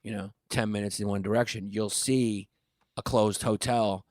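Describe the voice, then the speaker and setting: A man's voice: on the low side, steady tone, normal speed, darkish tone, no room sound, studio quality. Laid-back crude New podcast man. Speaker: podcast co-host. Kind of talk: casual chat.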